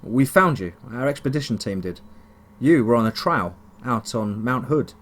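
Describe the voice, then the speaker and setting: Guy putting on an older texan forest official, country twang, calm, asks questions slow and even. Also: medium pitch, natural voice. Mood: calm questioning.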